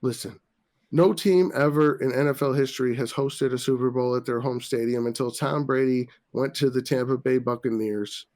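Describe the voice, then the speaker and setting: A man's voice: medium pitch, steady tone, moderate pace, darkish tone. A man hosting a casual podcast, ranting profanely about sports after a few drinks. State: tipsy. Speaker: podcast host.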